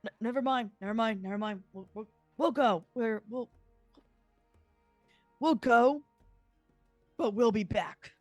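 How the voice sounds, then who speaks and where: A woman's voice: on the high side, unhurried, pauses often, a little mellow, no room sound, soft background music, close to an everyday voice. A woman voicing a drunk man who stammers and repeats himself as he backs down. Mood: flustered.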